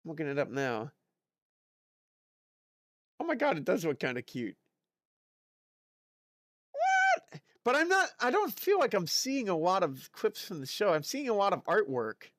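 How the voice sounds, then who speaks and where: A man streaming live, chatting casually and reacting excitedly to chat messages. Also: high-pitched, normal speed, no echo, studio quality. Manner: chatty, excitable, lots of fillers and exclamations.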